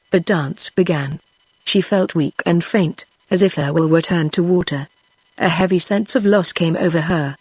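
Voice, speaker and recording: A text-to-speech voice of a woman with a British accent, reading a classic short story in an even, steady way. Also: on the low side, slightly rough, dry recording. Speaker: narrator.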